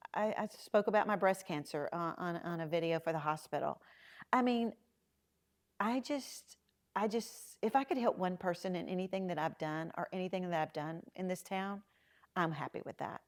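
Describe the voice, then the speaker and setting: A middle-aged woman, a podcast guest telling lively stories and acting out the voices of the people in them. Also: lowish voice. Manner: animated storyteller, acting out quoted dialogue. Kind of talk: storytelling in a casual interview.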